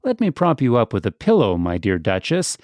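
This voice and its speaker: A man's voice: medium pitch, wildly swooping pitch, brisk, darkish tone, dry recording. A man voicing a prim, proper female cat hostess who speaks in a genteel, disapproving, matter-of-fact way.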